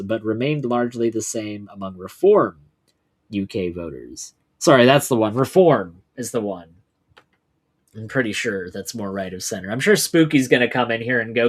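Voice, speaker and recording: Male streamer, mid pitch, profane ranting political commentary. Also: expressive, moderate pace. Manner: ranting, heavily profane, loose with fillers. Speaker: livestream host. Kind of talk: political commentary livestream, reading articles aloud.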